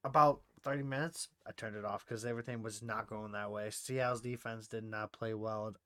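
A man's voice: lowish voice, fairly even intonation, a little fast, a bit bright, no echo, studio quality. Blunt, emphatic man in sports chat. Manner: blunt and emphatic, swears casually. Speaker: podcast co-host.

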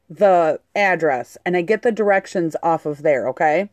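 A woman telling a story in casual chat, animated and swearing freely. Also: low voice, normal speed, few pauses, dry recording, clean studio sound. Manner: animated, swears a lot, acts out quotes.

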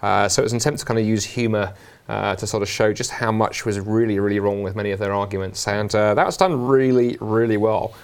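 Londoner guest, quick and animated, chatty with plenty of fillers. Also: male voice, on the low side, clear, resonant tone. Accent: South London. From England. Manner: animated, jokey, many fillers. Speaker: guest, Christian scholar. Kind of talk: conversational interview.

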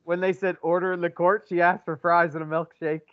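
A man on a casual podcast who tells jokes slowly and laughs often. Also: sits high, flat delivery, lo-fi sound. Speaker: podcast co-host. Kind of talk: casual chat.

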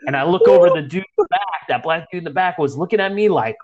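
A young man retells a story in loose, profane slang, his pitch leaping up as he acts out the moments. He talks casually, as if to friends, piling up fillers and asides. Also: animated, fairly quick, long pauses, lo-fi sound, background noise.

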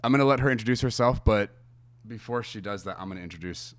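A male podcast host with a fairly low voice, talking in a relaxed, rambling way. He speaks straight to his audience in a casual chat. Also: fast talker. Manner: chatty and meandering, talking to listeners.

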